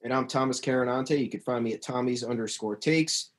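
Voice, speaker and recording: A man's voice: mid-range voice, brisk. Easygoing male podcast co-host. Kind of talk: casual sports chat.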